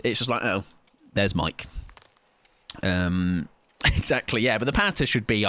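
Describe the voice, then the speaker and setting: A man's voice: fairly low pitch, normal speed, pushed and bright, clean tone. A man in his thirties chatting casually and joking with his audience while streaming a game. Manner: joking, self-mocking banter with chat. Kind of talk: casual chat while gaming.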